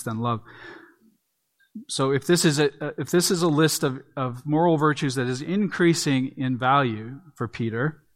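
A man's voice: medium pitch, fairly bright tone. A man preaching an earnest expository sermon, leaning on emphatic repeats. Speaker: pastor.

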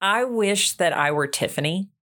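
A woman's voice: medium pitch, animated, moderate pace, a bit bright. A woman guesting on a podcast in casual chat, teasing the host playfully and laughing easily.

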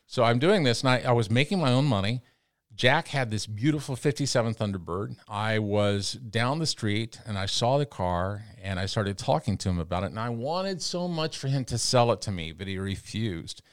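A middle-aged man from the Texas panhandle spins animated anecdotes and acts out the voices of other people as he talks. His voice sits low, and he often restarts a phrase. He is recorded close on a dry studio mic. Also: normal speed, no room sound. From Amarillo, Texas area. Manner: animated anecdotes full of quoted dialogue, frequent restarts. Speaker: interview guest, radio broadcaster. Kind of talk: casual storytelling.

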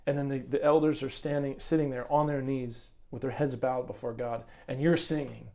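A man with a warm, mellow voice co-hosts a casual Bible lesson talk. He tells his stories with enthusiasm, stumbling and restarting as he goes. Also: medium pitch, steady tone, moderate pace, vocal fry. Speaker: co-host of a Bible lesson commentary. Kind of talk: casual religious discussion.

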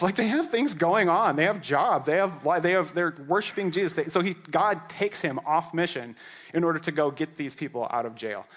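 A man's voice: a little high, a bit bright. Joking, conversational male pastor preaching. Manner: conversational and joking, acts out characters with a laugh. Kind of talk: sermon.

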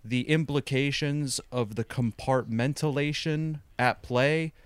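Smooth-voiced man rambling through a wry story. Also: mid-range voice, unhurried, dry recording. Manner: rambling and wry, heavy on "like" and restarts. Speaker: podcast co-host. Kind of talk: casual podcast chat, anecdote.

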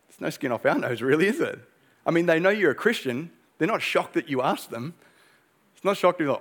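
A man's voice: on the high side, animated, brisk. A young man preaching a sermon as pastor, earnest and emphatic, pressing his points with rhetorical questions.

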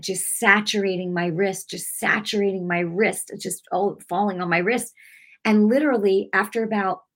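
Woman telling her testimony, chatty, lots of "like", hushed then loud, really emphatic. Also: mid-range voice. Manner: casual with many fillers like "like". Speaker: speaker giving a testimony. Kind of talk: personal testimony to a congregation.

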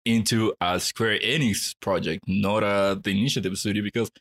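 Male podcast co-host, low voice, easygoing conversational delivery. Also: steady tone, normal speed, fairly bright tone. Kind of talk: casual chat.

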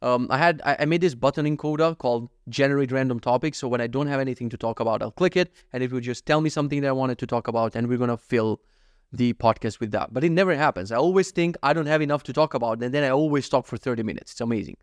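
A man's voice: mid-range voice, quick pace, dry recording. Rambling, cussing man on a dry mic. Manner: rambling, self-deprecating, swears freely. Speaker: podcast host. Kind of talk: casual solo podcast monologue.

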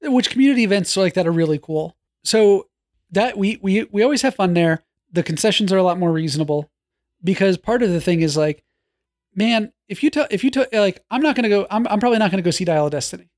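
A high-pitched man in his forties chatting casually on a podcast. He talks in an animated way, starting over mid-sentence and tossing off playful jabs. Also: fast. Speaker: podcast co-host. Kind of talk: casual chat.

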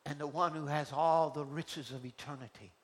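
A man preacher delivering an emphatic, deliberate sermon in a church. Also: a little high, fairly even intonation. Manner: emphatic, slow and deliberate, swinging between soft and loud.

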